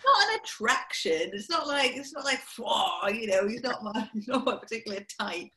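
A woman comedian in relaxed podcast conversation. Her voice sits somewhat high, and she talks in a playful, teasing way that often tips toward laughter. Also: a little fast. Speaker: comedian guest. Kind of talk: casual chat.

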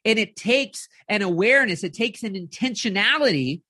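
A woman life coach giving an energetic live-streamed motivational talk, keeps checking in with her audience and acts out inner voices. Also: mid-range voice, normal speed, no echo, studio quality.

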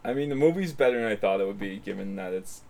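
Low-voiced blunt podcast man. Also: animated, fast talker, gravelly, a little mellow. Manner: blunt, offhand, many fillers. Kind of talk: casual profane chat.

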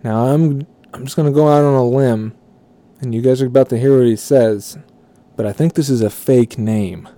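A man's voice: medium pitch, normal speed, warm tone, no room sound. A man telling a profane work story casually, rambling and correcting himself as he goes. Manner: rambling, swearing, self-correcting.

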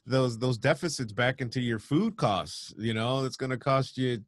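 Hey it's just a guy ranting on a podcast, dead dry mic, animated, doing little voices for people he talks about. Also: medium pitch, normal speed, no room sound. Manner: animated storyteller, mimics people mid-story. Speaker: podcast co-host. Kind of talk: casual ranting chat.

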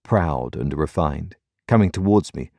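A man narrating a classic novel in measured, expressive storytelling. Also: rumbling low, dry recording, clean studio sound. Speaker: audiobook narrator. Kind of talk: scripted narration.

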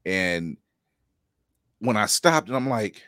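A middle-aged man hosts a podcast in a low voice with a wide, swinging melody. He laughs easily and slips into playful voices for quotes. The sound is dry and close. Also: takes it slowly, no room sound. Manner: animated, laughing, acts out quotes in funny voices. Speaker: podcast host. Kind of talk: casual chat.

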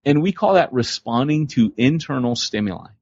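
A man co-hosting a podcast in casual chat, animated and acting out the voices he quotes. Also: medium pitch, normal speed, husky, no echo. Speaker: podcast co-host. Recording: slightly muffled podcast recording.

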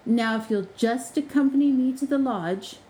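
Woman doing a deadpan male house-spirit porter for an audio story, formal, sly, pitched up. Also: moderate pace, natural voice, rough recording. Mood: dry.

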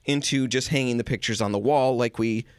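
A man in his forties co-hosting a casual home-design chat, animated and self-deprecating, often laughing at himself. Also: medium pitch, brisk, clear, resonant tone, dry recording, clean studio sound. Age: 40s. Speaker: podcast co-host.

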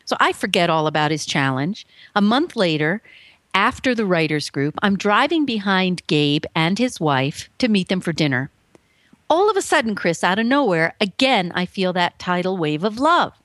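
A woman guest telling her story on an interview show, earnest and emphatic, acting out the voices she quotes with big pitch swings. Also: very animated, moderate pace, a bit bright, dry recording. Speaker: guest author. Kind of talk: animated personal storytelling.

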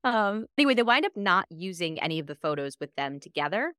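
Speaking fast in a lowish voice, a woman co-hosts a podcast and tells stories casually, playing out each line of dialogue with animation. The sound is clean and studio quality, with no echo.

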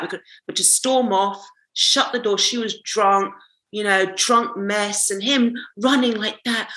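A woman holds forth on a podcast, blunt, sweary and ranting. Her voice is bright and forceful. The room around her is echoey. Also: on the high side, normal speed. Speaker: podcast co-host. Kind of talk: casual podcast chat. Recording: roomy echo.

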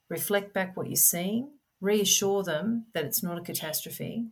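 A middle-aged woman guest in an interview, explaining things in an earnest, gentle, conversational way. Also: mid-range voice, unhurried. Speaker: podcast guest, parent advocate.

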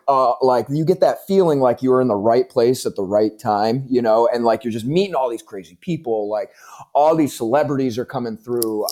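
A man hosting a podcast, chatting casually and telling animated stories with lots of fillers and casual swearing. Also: medium pitch.

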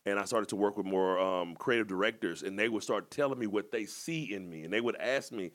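Male podcast co-host, lower voice, loose informal storyteller. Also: brisk, a bit bright. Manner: informal, rambling, reflective. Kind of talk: casual conversational storytelling.

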